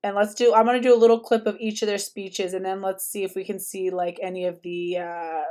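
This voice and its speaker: A woman host giving impassioned, fast-talking commentary over video clips. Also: mid-range voice, level tone, a little mellow.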